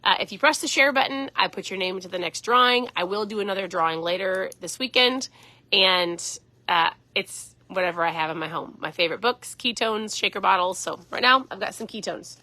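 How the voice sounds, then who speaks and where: A woman's voice: mid-range voice, brisk, pushed and bright, no room sound. A woman in her forties, a keto coach, chatting earnestly on a casual live stream.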